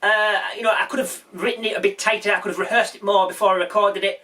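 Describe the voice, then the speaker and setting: A man's voice: sits high, steady tone, fast, bright, forceful tone, recorded from a distance. A man talking casually and hesitantly, picking apart his own work. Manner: self-critical, hesitant. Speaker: comedian. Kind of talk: casual aside to camera. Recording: echoey room, off-mic.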